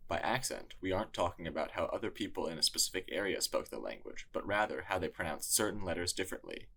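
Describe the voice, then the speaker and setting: A man narrating a scripted lesson in a measured, explanatory way. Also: low voice, expressive, gravelly, pushed and bright, slightly rough. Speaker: tutor.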